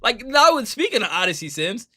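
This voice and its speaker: Bright-voiced joking man streamer. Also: very high voice, normal speed, no echo, studio quality. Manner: animated, joking, laughs often, slangy. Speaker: reaction streamer. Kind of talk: casual reaction commentary.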